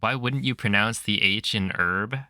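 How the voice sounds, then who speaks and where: Low-voiced streamer joking with chat. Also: male voice, normal speed, sharp tone, dry recording. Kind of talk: casual chat while gaming.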